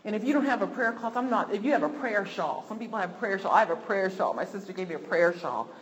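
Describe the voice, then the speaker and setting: A woman preaches with fervent, repetitive emphasis, her voice sitting at an ordinary middle pitch. The sermon rings with a long hall reverb, and a faint noise sits underneath it. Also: lively intonation, fast.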